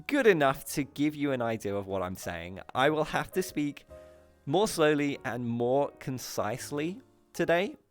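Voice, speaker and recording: A British man hosting a VR talk show livestream, greeting his chat affectionately, giggling often and poking fun at himself. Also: on the high side. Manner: bubbly and affectionate, giggly, self-mocking.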